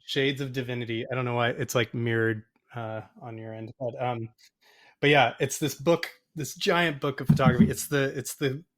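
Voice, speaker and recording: Male guest, animated rambling storyteller, average pitch, heard over a video call. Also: normal speed. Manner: animated, rambling, acts out quoted voices. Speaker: photographer and podcast guest. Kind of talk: casual storytelling interview.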